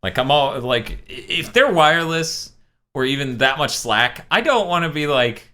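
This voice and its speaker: A man's voice: fairly high pitch, moderate pace. A man co-hosting a casual podcast chat, swearing freely and joking around. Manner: animated, profane and joking. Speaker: podcast co-host.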